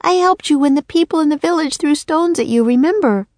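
A woman voicing a brave, kind young girl in a storybook, speaking in a high, earnest tone. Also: animated, brisk, a little mellow, no room sound. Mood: pleading. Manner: earnest and pleading.

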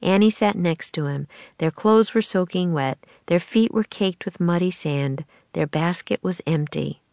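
Brief: woman with a lower voice, measured expressive storybook narration, dry close recording. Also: vocal fry, no room sound. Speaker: audiobook narrator.

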